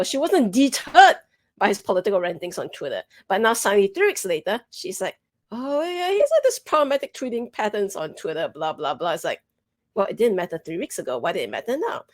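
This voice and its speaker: A woman co-hosting a commentary show who sets up clips and rebuts them sarcastically. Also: mid-range voice. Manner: sarcastic, pointed setup of clips. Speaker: commentary co-host. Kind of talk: opinionated commentary.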